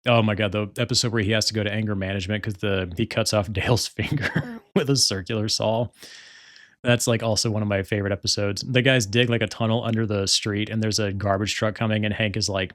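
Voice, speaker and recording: This young podcast host speaks at a fairly low pitch with a steady, fairly bright tone, going a little fast. The studio recording is dry. Alone on the mic, he rambles casually, leaning on filler words and laughing frequently.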